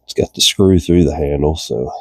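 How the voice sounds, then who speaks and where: Speaking in a bass voice at normal speed, this American reel repair host walks through fixing a fishing reel in a chilly garage. He's folksy and talkative but congested, often coughing and clearing his throat, and there's no echo.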